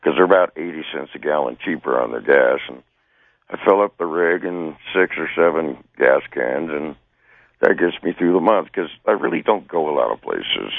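A man's voice: very deep voice, expressive, moderate pace, gravelly, no echo. A man in his sixties calling in, talking in a folksy, rambling way about life in the mountains. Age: 60s. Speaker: caller. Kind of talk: casual chat. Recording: tinny phone line.

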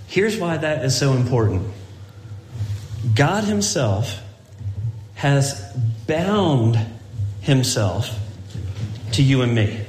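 A man's voice: medium pitch, darkish tone, reverberant, a little hiss or hum. A man preaching a sermon as pastor, in a conversational way with frequent restarts and asides.

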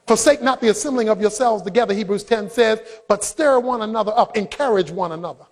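A man preaching a sermon, swinging between loud shouted passages and quiet, low asides. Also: fast talker. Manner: preaching, rising to shouts then dropping low. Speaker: pastor. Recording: long hall reverb.

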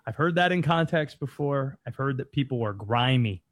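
A man's voice: medium pitch, animated, moderate pace, dry recording, clean studio sound. A man co-hosting a casual podcast, joking and self-mocking. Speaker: co-host.

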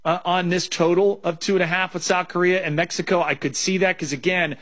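Measured male sports betting analyst. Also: sits high, steady tone, fairly bright tone. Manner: measured, thinking aloud with fillers. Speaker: sports betting analyst, former baseball pitcher. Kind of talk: casual sports talk.

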